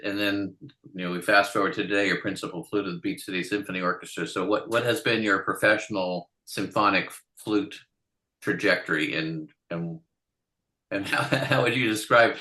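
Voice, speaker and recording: A man's voice: deep voice, pushed and bright. A man hosting a podcast, asking curious, rambling questions with frequent restarts. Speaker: podcast host. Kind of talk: conversational interviewing.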